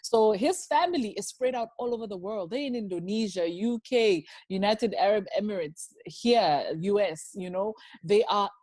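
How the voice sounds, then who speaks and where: Woman, South African accent, animated and emphatic, video call, dry close sound. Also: medium pitch, moderate pace, hardly any pauses, dry recording. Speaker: podcast guest, comedian. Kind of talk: casual video-call chat.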